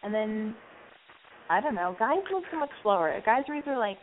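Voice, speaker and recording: A woman with a medium-pitched, animated voice hosts a casual advice show, chatting loosely at normal speed and acting out little scenes with quoted voices. The recording sounds tinny and phone-like, with faint background noise.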